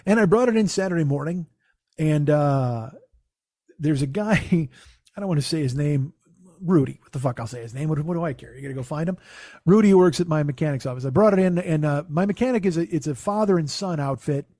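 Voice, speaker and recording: Rambling comic storyteller man, mellow tone. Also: on the high side, lively intonation, brisk, no room sound, studio quality. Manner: rambling, profane, self-interrupting. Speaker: comedian and podcast host.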